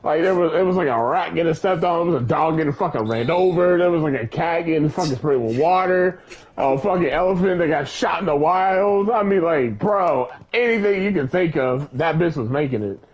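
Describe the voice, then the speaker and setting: A young man telling a story in casual chat, profane and rambling, with an animated way of retelling. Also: a little high, a little fast. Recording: dull lo-fi recording.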